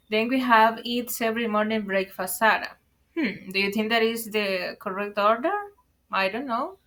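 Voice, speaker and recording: Teaching English online as a second-language speaker, a woman walks her viewers, whom she calls "guys," through word order with careful explanations and repeated reminders to be careful. Her voice is medium-pitched and a bit bright, in a low-quality recording.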